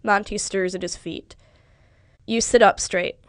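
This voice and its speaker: Smooth-voiced woman reading literary fiction. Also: medium pitch, steady tone, measured pace, dry recording, clean studio sound. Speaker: audiobook narrator. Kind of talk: scripted literary narration in second person.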